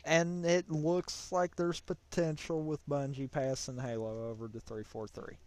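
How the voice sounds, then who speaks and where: A man's voice: on the high side, flat delivery, normal speed, dry recording. A man co-hosting a gaming show, chatting casually and a bit self-deprecatingly while watching a demo. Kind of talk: casual gameplay chat.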